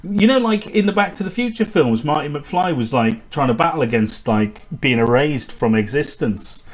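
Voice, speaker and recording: A man hosting a casual podcast chat, animated and often laughing. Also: fairly high pitch. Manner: animated, laughing, quick asides. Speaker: podcast host. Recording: faint background noise.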